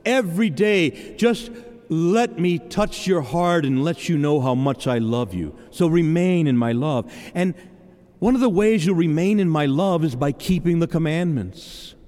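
A middle-aged man preaching from the pulpit in a church, his high voice rising and falling with lively swings. He speaks earnestly and personally, stammering and restarting as he testifies. The sound rings out with a long reverb through the hall. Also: measured pace. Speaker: pastor. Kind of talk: sermon.

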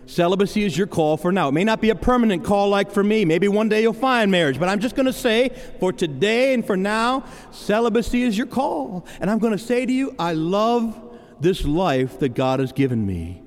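A man's voice: high voice, lively intonation, moderate pace. A middle-aged male pastor preaching a sermon, earnest and personal, often stumbling and restarting as he testifies to his congregation. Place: church. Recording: long hall reverb.

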